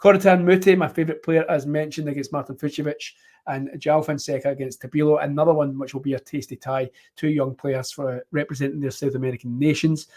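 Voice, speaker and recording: A man's voice: a little high, flat delivery, quick pace, darkish tone. Chatty man hosting. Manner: chatty, rambling with many ums. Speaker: host. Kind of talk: casual live-stream chat.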